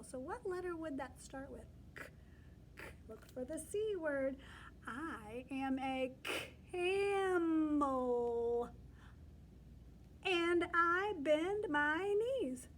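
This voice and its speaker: Woman teacher, high voice, slow, deliberate read-aloud for little kids, sounds out letters, switches between cheering and whispering, faint noise behind. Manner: animated, coaxing, phonics sounding-out, loud cheers and soft whispers. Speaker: teacher reading to young children.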